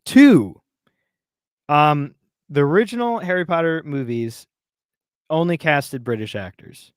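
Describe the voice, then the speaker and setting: A man's voice: fairly high pitch, lively intonation, unhurried, smooth, no room sound. Ranting man on a dry podcast mic. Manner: heated, ranting, exasperated. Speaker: podcast co-host. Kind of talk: casual podcast commentary.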